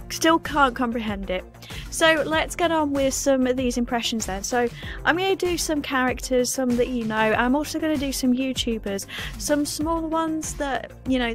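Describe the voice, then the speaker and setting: A woman vlogger chatting casually and hesitantly, with lots of fillers. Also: on the high side. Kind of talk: casual chat.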